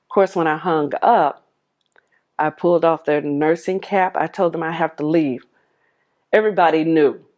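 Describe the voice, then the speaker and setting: A woman's voice: low voice, normal speed, darkish tone, highs cut off. A woman telling her life story to the camera, heartfelt and vivid, replaying old conversations as dialogue. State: tearful at moments.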